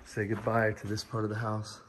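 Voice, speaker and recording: Excitable man giving a house tour. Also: on the low side, brisk, slight background noise. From United States. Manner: chatty, excitable, addresses viewers as guys. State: breathing heavily. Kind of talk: casual walk-through vlog. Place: large rental house indoors.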